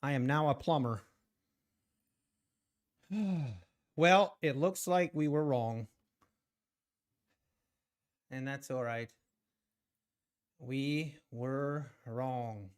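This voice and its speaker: Slow-talking man hosting a trading stream. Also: medium pitch. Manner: slow, sighing, teasing chat with viewers. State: out of breath. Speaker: trading livestream host. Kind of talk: casual live-stream commentary. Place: home.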